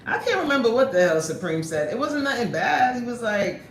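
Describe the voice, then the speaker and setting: Lively woman live-streaming from an echoey room. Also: fairly high pitch, brisk. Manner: lively, chatty, greets viewers excitedly, laughs often. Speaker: live-stream host chatting with viewers. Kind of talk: casual live-stream chat. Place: indoor room at her workplace. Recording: roomy echo, faint background noise.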